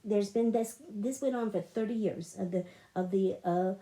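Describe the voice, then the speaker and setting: A woman's voice: medium pitch, normal speed, warm tone. A middle-aged woman telling a personal story in a monologue, emotional and repetitive, with frequent restarts. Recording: echoey room.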